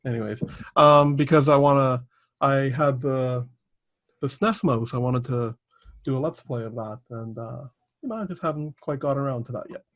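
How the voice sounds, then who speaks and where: A man's voice: mid-range voice, normal speed, fairly bright tone, muffled recording. Rambling podcast co-host, a man. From Canada. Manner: rambling, filler-heavy news reading. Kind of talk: casual chat.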